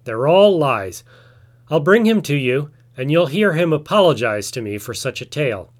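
A man voicing a proud, truthful male tiger who is quick to anger and demands things, in a told folk tale. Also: on the high side, big pitch swings. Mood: angry. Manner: roaring, demanding.

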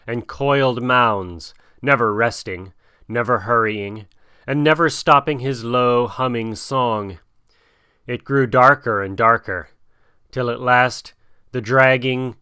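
A man narrating a storybook slowly and dramatically, close to the mic. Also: mid-range voice, sharp tone, clean tone, no echo. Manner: slow, measured and dramatic. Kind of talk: storybook reading.

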